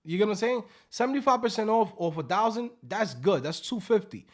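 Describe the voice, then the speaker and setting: A man hosting a casual livestream, joking loudly and profanely and acting out scam calls. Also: high-pitched, big pitch swings, a little fast. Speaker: livestream host.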